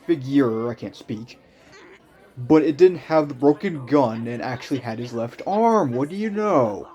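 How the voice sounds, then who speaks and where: A young man chats casually over his old videos in an ordinary mid-pitched voice. He rambles and mocks himself, rushing some thoughts and letting others trail off quietly. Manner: rambling, self-mocking, with quick bursts and trailing asides. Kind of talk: casual commentary.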